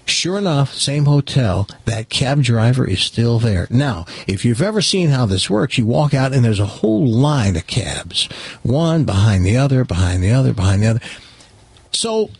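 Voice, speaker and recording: A male radio host with a slightly husky voice tells a joke with lots of animation, his pitch leaping as he acts out each character. The sound is dry and close to the mic. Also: big pitch swings, moderate pace, darkish tone, no echo. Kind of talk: casual chat and joke telling.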